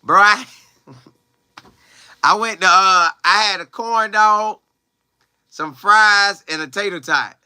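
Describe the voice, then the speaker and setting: A young man livestreaming and reading viewer comments, talking loose and slangy with lots of exclamations. His voice sits fairly high and cuts through very brightly. The sound is dry and close, with no room around it. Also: takes it slowly, pauses often, clear, resonant tone, dry recording. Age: young adult. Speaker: college football player livestreaming. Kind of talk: casual live chat, reading viewer comments aloud.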